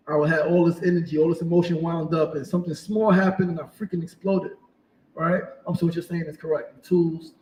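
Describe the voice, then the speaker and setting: A man's voice: high voice, fairly quick, roomy sound, far from the mic, rough recording. A man in his forties hosting a podcast, telling personal stories in an emotional, candid way. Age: 40s. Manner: emotional, open, candid storytelling. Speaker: podcast host. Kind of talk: casual interview conversation.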